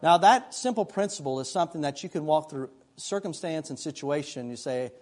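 High-voiced preaching pastor. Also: male voice, lively intonation, fairly quick, a little mellow. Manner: conversational preaching with stories and asides. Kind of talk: sermon.

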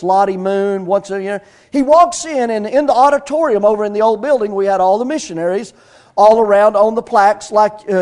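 A middle-aged pastor preaches a sermon. His voice sits high for a man. He talks in a folksy, storytelling way that builds into bursts of praise. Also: a little mellow.

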